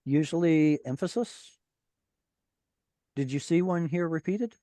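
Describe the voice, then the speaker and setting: A man leads an online class over a video call, his voice dark and mellow and the sound dry. He explains patiently, slows down to spell out phrases, and often stops to search for words, with fillers and restarts. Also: fairly high pitch, no echo. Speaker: Hebrew teacher.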